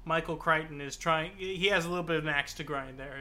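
A man's voice: fairly high pitch, steady tone, quick pace, hardly any pauses, bright, forceful tone. A man co-hosting a casual book podcast, thoughtful and hesitant, often restarting his phrases. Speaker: podcast co-host.

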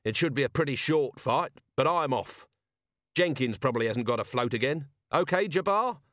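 A man's voice: mid-range voice, animated, moderate pace, fairly bright tone, no room sound, studio quality, voice pushed up, close to an everyday voice. A man voicing a tough, weary male watch commander with a blunt, pressing manner.

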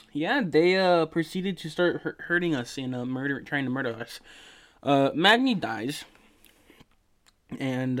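Tired guy rambling on about a game plot late at night, slow and smooth voice, swears a lot. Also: mid-range voice. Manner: rambling, swearing, many fillers and restarts. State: sleepy, yawning. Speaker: podcast host. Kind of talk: casual video game story recap.

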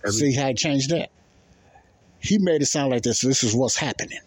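A man's voice: mid-range voice, normal speed, darkish tone, slightly rough, dry recording. A middle-aged man hosting a podcast, talking loosely and repeating himself as he comments on video clips. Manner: loose, repetitive, keeps asking if you understand. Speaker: podcast host.

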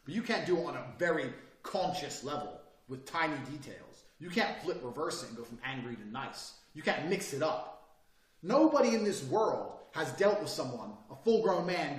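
A brash man lectures on body language, cursing freely. His pitch runs higher than most men's and moves constantly, and he swings between near-shouts and low murmurs. The sound is roomy and echoey, with the mic set back from him. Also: very animated, moderate pace. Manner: profane, brash, swings between loud and quiet. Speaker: self-improvement speaker. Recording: echoey room, distant mic.

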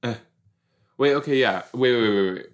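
Speaking at a normal speed in a mid-range voice, a young man hosting a podcast comments casually while an episode plays. His chatter wanders, is full of fillers, and often turns to poking fun at himself.

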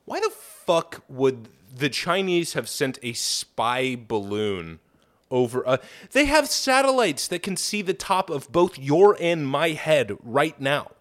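A man's voice: on the high side, takes it slowly. A man co-hosting a comedy podcast in casual, profane chat, playing around with his voice. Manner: profane, animated, plays with his voice. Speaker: podcast co-host.

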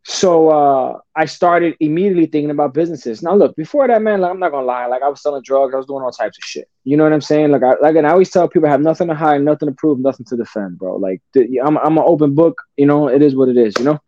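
Mellow, slightly high-voiced man telling stories. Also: quick pace, few pauses, no echo. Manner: profane, calls listener "brother", restarts often. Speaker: podcast guest. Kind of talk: casual storytelling. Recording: dull lo-fi podcast audio.

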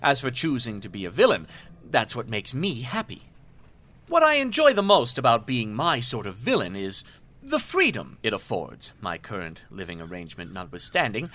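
Pompous gloating villain guy, a man doing the voice, bright edgy tone, swoops all over, fancy wordy talk, audio drama. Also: medium pitch, wildly swooping pitch, normal speed. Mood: musing. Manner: florid, mannered diction with theatrical laughs. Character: gloating self-serving male villain, pompous and verbose.

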